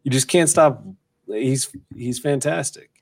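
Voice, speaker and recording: A man's voice: medium pitch, measured pace, creaky, darkish tone. A man co-hosting a podcast, chatting casually about actors in a rambling, hedging way. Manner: rambling, hedging, many restarts. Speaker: podcast co-host. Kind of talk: casual chat.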